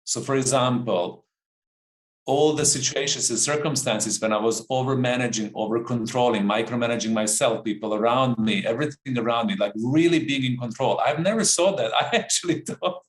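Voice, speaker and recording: A man's voice: medium pitch, a little fast, echoey room, low-quality recording. A man who works as a coach, talking earnestly about a personal experience in a reflective conversation. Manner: earnest, searching, repeats phrases for emphasis.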